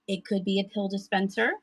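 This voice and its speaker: A woman hosts a live thrift sale, chatting casually and giggly with viewers in the chat and laughing often. Her mid-range voice is slightly rough, and the poor-quality audio has no room sound.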